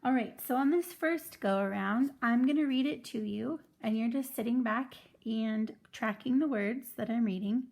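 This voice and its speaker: A woman teaching first grade in an online video lesson, clear and patient as she explains step by step. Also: fairly high pitch, normal speed, few pauses, darkish tone.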